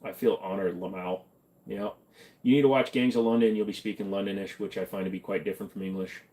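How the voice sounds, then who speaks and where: A man's voice: fairly low pitch, fast talker. Joking man hosting a casual livestream. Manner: joking, deadpan, answers questions from chat. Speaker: livestream host. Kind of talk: casual livestream chat reading comments.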